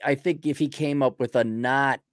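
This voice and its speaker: A man's voice: mid-range voice, fairly even intonation, normal speed, no room sound, clean studio sound. A man co-hosting a livestream, joking around casually and trailing off as he thinks aloud. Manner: playful, jokey, trails off while thinking. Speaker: livestream co-host.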